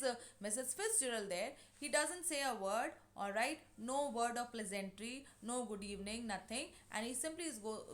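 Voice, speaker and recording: A woman's voice: a little high, a bit bright. Woman teacher explaining a play. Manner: explanatory, paraphrasing with many fillers. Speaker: English teacher.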